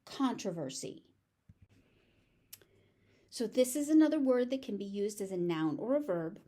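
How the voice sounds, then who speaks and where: A woman's voice: medium pitch, animated, measured pace, warm tone. A woman with a General American accent teaching English pronunciation, patiently repeating each word several times with careful stress. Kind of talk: pronunciation lesson, repeating words slowly.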